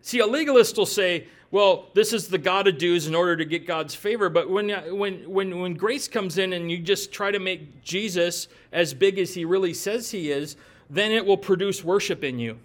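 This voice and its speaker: A man's voice: sits high, normal speed. A middle-aged man, giving a folksy, conversational sermon that asks the listeners questions and makes joking asides. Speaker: pastor.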